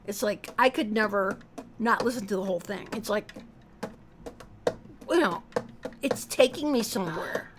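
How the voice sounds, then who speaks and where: A woman's voice: mid-range voice, moderate pace, pauses often, slight background noise. A middle-aged woman co-hosting a casual music chat, talking in a thoughtful, musing way. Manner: musing, thoughtful, lively when excited. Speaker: co-host, mother. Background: song playing faintly.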